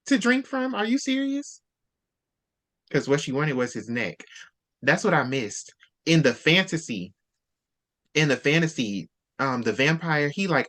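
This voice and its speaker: A man's voice: medium pitch, a bit bright. Man casually retelling a book. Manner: retells scenes with quick quoted dialogue. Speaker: host.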